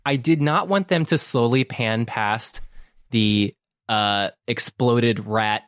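A man co-hosting a casual film-discussion podcast, talking in an animated, joking way. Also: medium pitch, takes it slowly, dry recording, clean studio sound. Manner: animated, joking, mimics characters. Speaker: podcast co-host.

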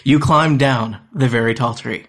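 A man acting as game master, narrating a text adventure aloud in plain, measured parser-style lines. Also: medium pitch, fairly bright tone.

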